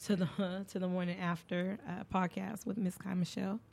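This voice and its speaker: A woman's voice: lowish voice, moderate pace, creaky. Young woman hosting a casual podcast. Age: young adult. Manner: candid storytelling, animated when acting out quotes. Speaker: podcast host.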